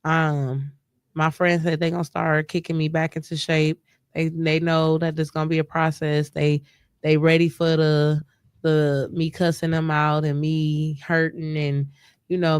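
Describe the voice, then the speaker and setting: A woman's voice: low voice, clean tone, no echo, studio quality. A grieving woman talking casually in a live stream chat, emotional and rambling, often restarting her sentences. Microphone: live stream mic.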